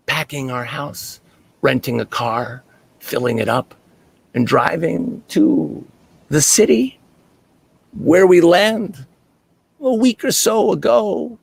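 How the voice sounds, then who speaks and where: A man with a gravelly, husky voice tells a personal story on stage in an earnest, reflective way, dropping low and climbing high as he goes. The sound is dry and close, with almost no room around it. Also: dry recording. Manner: earnest, reflective storytelling with dramatic swings in pitch and loudness. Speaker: storyteller performer.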